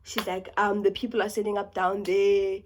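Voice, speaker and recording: A young woman from South Africa with a South African accent, telling a story in a casual vlog, talking fast and animated and dropping into whispers. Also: mid-range voice, slight background noise. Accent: South African English. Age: young adult. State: sick. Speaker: YouTuber.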